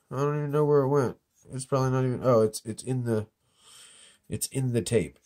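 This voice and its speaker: Indoors in an office, a metal detecting vlogger with a cold shows off his finds, clearing his throat now and then. His mid-range voice is steady, dark, and fairly quick, and his casual show-and-tell is laid-back, joking, and a bit rambling.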